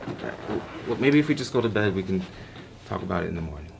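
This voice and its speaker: A man's voice: sits low, lively intonation, quick pace, creaky. A young acting student playing an exasperated young man who pleads with his moody girlfriend in a stage scene. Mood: coaxing. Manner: flustered, pleading, wry. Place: classroom stage. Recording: noisy room ambience.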